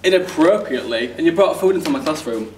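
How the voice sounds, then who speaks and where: Young man playing a strict scolding teacher, highish voice. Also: lively intonation, quick pace, heavy background noise, lightly acted. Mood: stern. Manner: scolding, lecturing. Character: stern, scolding male schoolteacher. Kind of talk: student stage acting. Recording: echoey room, mic far off.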